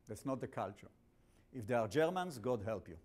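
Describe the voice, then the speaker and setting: A man's voice: medium pitch, big pitch swings, normal speed, darkish tone. A man with an accent giving a classroom lecture as the instructor, blunt and jokey, often restarting his sentences. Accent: non-native English.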